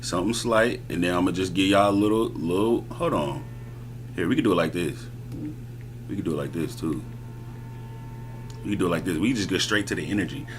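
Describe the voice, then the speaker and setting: A man's voice: low-pitched, fairly quick, pauses often, slight background noise. A man streaming live, talking casually and boastfully in slangy street talk. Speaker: streamer reacting to music. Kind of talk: casual livestream chat.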